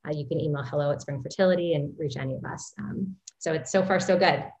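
A woman fertility doctor, a guest on an interview show, telling her story in an animated way with frequent laughs. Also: low-pitched, quick pace, creaky, rough recording.

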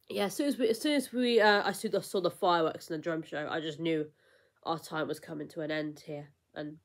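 A young woman vlogger in casual chat, rambling and emotional, with lots of fillers and restarts. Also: lowish voice.

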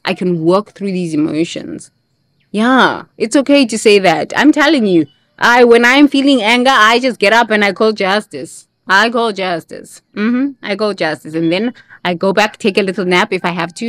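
A woman's voice: medium pitch, fairly bright tone, no echo. A woman hosting a motivational self-help monologue, emphatic, repeating key phrases and sometimes breaking into playful sing-song chants. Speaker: host.

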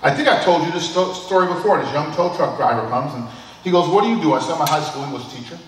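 An older man preaching in a relaxed, storytelling way, his fairly high voice rising and falling with plenty of life. He is recorded from a distance in a big church hall, so his words ring out with a long, echoing reverb. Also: fast, a little hiss or hum. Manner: conversational storytelling, chuckles often. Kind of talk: sermon with personal anecdotes. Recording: echoey hall from a distant mic.

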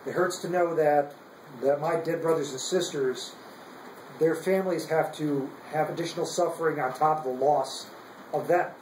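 A man's voice: fairly high pitch, normal speed, a little mellow. Young enlisted man, heated and profane, restarts his lines, a light hiss under a roomy echo. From United States. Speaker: active duty service member. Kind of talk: angry political rant.

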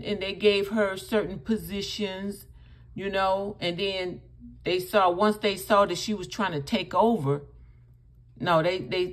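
A woman hosting a reaction channel, commenting on clips in an emphatic, scolding way. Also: medium pitch. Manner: scolding, emphatic, addresses the other speaker directly.

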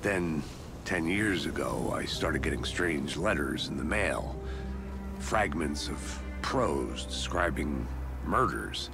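Guarded game detective: rumbling low voice, clipped delivery, score behind. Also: male voice, lively intonation, vocal fry, full character voice. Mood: grim. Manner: slow, clipped, matter-of-fact. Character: weary, guarded middle-aged male detective. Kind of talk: video game dialogue. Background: game score music.

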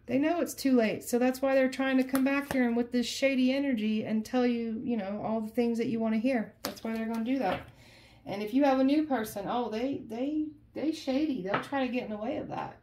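A woman's voice: fairly high pitch, fairly even intonation, brisk, darkish tone, slight background noise. Emphatic woman giving a casual tarot reading. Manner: conversational, emphatic, repeats phrases, addresses viewers as guys. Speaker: tarot reader.

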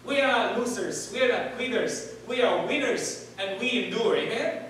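A male preacher with a high-sitting, fairly bright, expressive voice speaks at normal speed in a church hall. He asks the congregation to answer back and repeat words, while the distant recording echoes and has a slight hiss or hum.

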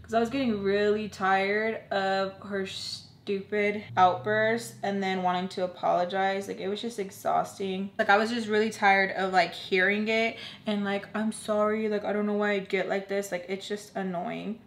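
A woman vlogger telling a personal storytime in a casual, animated way, acting out both sides of old arguments and saying "y'all" to her viewers. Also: mid-range voice, normal speed, few pauses. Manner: animated retelling, trades quoted lines, says "y'all". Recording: roomy echo.

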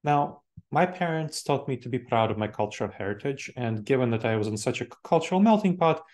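Moldovan-accented guy in his 40s giving a talk, mid-pitched, keeps restarting and repeating himself. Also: expressive, fairly quick, a little mellow. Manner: explanatory, repeats key points, frequent self-corrections. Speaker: speaker. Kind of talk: presentation talk.

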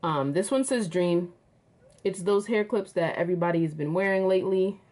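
A woman's voice: on the low side, moderate pace, darkish tone. A woman chatting casually to her viewers as she unboxes and shows off jewelry, calling them y'all. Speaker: vlogger.

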